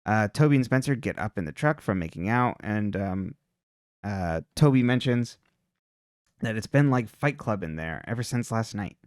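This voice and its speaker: A man's voice: on the low side, animated, moderate pace, smooth, dry recording, studio quality. A man co-hosting a podcast, recapping TV episodes in a loose, chatty way with lots of "like" and "um". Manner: loose and chatty, full of "like" and "um" fillers. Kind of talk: casual recap chat.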